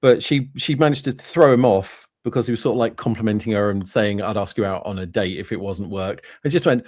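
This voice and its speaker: A man from England hosting a podcast, telling relaxed anecdotes in casual chat. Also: lowish voice, quick pace, hardly any pauses. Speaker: podcast host.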